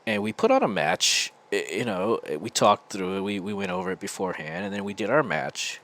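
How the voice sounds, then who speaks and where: A man's voice: fairly low pitch, huge pitch swings, a little fast, creaky, fairly bright tone. An American man hosting a podcast, telling a casual, rambling story full of restarts. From United States. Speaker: podcast host.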